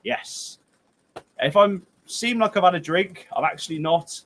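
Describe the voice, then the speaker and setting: A young Englishman with a Gloucestershire/Herefordshire accent hosts a football livestream in a high, slightly slow, a bit bright voice. He chats casually and reads out viewer comments, joking and rambling, sounding tired, and breaking into playful outbursts.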